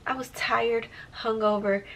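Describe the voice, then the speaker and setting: A young woman tells a long story in a casual vlog, jumping her voice up high whenever she acts out what someone said. She sits a little back from the microphone, so her voice sounds slightly distant. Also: a little slow. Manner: animated, acts out quoted dialogue with big pitch jumps. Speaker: lash technician vlogger.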